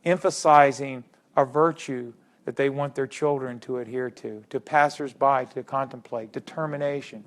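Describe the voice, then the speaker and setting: A man's voice: mid-range voice, fairly even intonation, normal speed. A middle-aged man giving a public history lecture, stressing key words by repeating them and putting questions to his audience.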